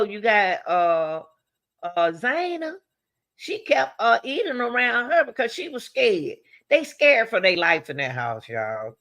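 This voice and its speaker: A woman giving casual true-crime commentary, talking straight to her viewers with rhetorical questions and lively swings between high exclamations and low asides.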